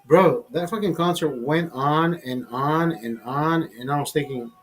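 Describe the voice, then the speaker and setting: A man's voice: fairly high pitch, measured pace, soft background music. Heated, profane man telling a story. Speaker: show host.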